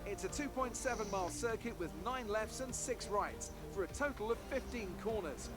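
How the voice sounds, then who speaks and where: A man's voice: high-pitched, animated, normal speed. A man voicing an upbeat race commentator in polished, scripted broadcast-style sports commentary. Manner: grand, announcer-style delivery. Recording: game audio with music. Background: game music.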